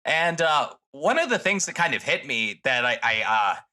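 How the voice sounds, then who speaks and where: A man's voice: mid-range voice, big pitch swings, normal speed, bright, forceful tone. A young man co-hosting a podcast in casual chat, swearing freely and restarting his sentences often. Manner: profane, rambling, with many restarts. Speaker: podcast co-host.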